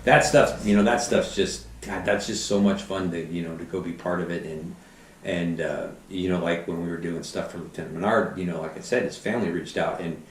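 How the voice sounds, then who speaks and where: A middle-aged man, a fire battalion chief, telling animated anecdotes and acting out quotes in a casual interview. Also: sits low, a little fast, slight background noise. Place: podcast studio. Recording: roomy, somewhat distant mic.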